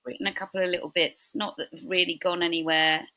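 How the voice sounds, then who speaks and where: A woman in her forties, a podcast guest chatting casually, telling lively stories. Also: on the low side, fast talker, rough recording. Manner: chatty, animated storytelling with quoted voices. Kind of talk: casual chat.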